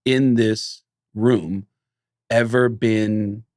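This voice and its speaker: A man's voice: fairly low pitch, fairly even intonation, extremely slow, darkish tone, no room sound, clean studio sound. A man, a comedian guest, telling a long story in casual podcast talk and acting out the quoted dialogue.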